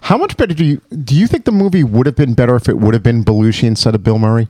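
A middle-aged man co-hosting a casual podcast about movies. He talks in animated bursts, tripping over his words and restarting often. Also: medium pitch, very fast, no room sound, clean studio sound. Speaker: podcast co-host.

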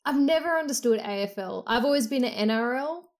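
A woman's voice: fairly high pitch, expressive, a little fast. A woman with an Australian accent, chatting casually as a podcast co-host, blunt and sweary. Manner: blunt, sweary, laughs easily. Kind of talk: casual chat.

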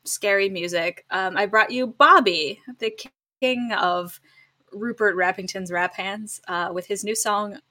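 A woman's voice: mid-range voice, a little slow, sharp tone. A young woman chatting as a podcast guest, upbeat and joking. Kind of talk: casual chat.

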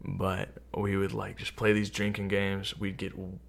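A young man speaks in a deep, gravelly voice that sits very low. He talks in an easygoing, rambling way, checking in with his listener as he goes. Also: measured pace. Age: young adult. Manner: relaxed, rambling, many "right?" tags. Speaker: interviewee. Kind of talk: casual chat.

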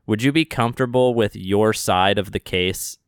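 A man's voice: on the low side, normal speed, smooth, dry recording, clean studio sound. A man co-hosting a podcast, chatting casually about a show, rambling and hedging as he rephrases his thoughts. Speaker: podcast co-host. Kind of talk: casual chat discussing a show.

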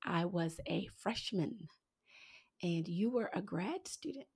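A woman's voice: fairly low pitch, expressive, takes it slowly, darkish tone, husky. A woman in her forties hosting a podcast, chatting casually and playfully teasing her guest. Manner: playful teasing, laughing often. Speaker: podcast host.

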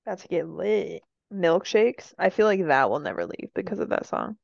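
Woman co-host with a gravelly edge, playful and jokey, dry, dull-sounding recording. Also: lowish voice, very animated, brisk, dry recording. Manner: playful, jokey, repeats words for fun. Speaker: podcast co-host. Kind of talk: casual chat.

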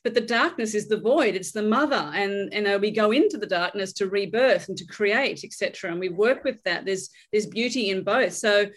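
A woman's voice: medium pitch, normal speed, hardly any pauses. A woman hosting a casual podcast, affirming her guest and explaining ideas in loose, flowing phrasing. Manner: warmly affirming, spiritual jargon, loose phrasing. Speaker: podcast host.

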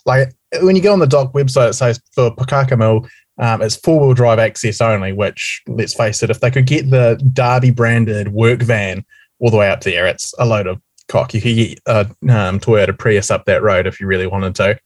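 A man's voice: on the low side, moderate pace, no echo. A young man with a New Zealand accent co-hosting a casual podcast, telling stories in a chatty, cheeky way. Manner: chatty, cheeky, lively storytelling. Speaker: podcast co-host. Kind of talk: casual chat.

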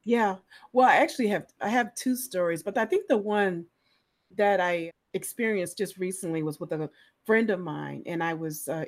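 A woman nurse specialist telling stories from her work in a relaxed interview, acting out the people in them. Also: fairly low pitch. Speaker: guest, clinical nurse specialist in pain. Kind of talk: conversational storytelling in a podcast interview.

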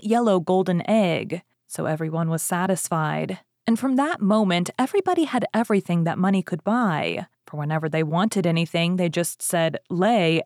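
A woman narrating a fairy tale, reading expressively with lively rises on exciting words. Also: on the low side, dry recording, clean studio sound. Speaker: story reader. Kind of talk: storybook narration.

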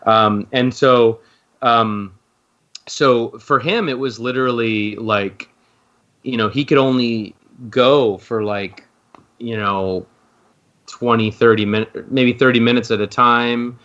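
A man's voice: medium pitch, steady tone, takes it slowly, fairly bright tone, muffled recording. A man talking as a podcast guest in a rambling, casual way, full of fillers and restarts. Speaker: guest, docuseries co-creator.

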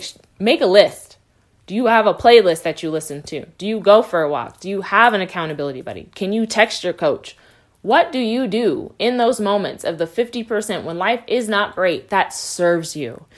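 A woman coach hosts her podcast in a reassuring monologue. She repeats key lines and slows down to stress them, then picks up speed again. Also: mid-range voice.

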